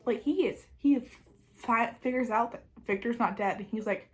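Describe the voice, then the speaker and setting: A woman chatting casually as a book reviewer, summarising a plot with frequent "like" and quick restarts. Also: on the high side, rough recording.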